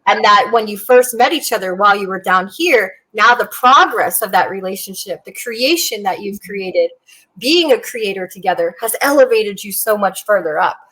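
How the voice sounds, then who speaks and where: A woman's voice: mid-range voice, animated, moderate pace, fairly bright tone, rough recording. A woman and military veteran chatting casually on a podcast, telling stories bluntly and animatedly with Southern slang.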